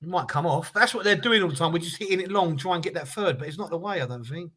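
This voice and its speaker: High-voiced man in a football watch-along. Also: husky. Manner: animated, swearing, quick reactions to play.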